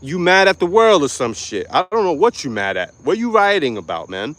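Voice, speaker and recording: A man ranting to camera in a profane, mocking vlog, angry and loud. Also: fairly high pitch, very animated, brisk, no echo. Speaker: vlogger. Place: lives in Florida.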